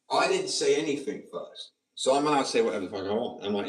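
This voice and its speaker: A man's voice: medium pitch, big pitch swings, quick pace, few pauses. A man with a slight Australian twang, ranting to camera in a profane, combative, rambling monologue. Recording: roomy sound from a distant mic.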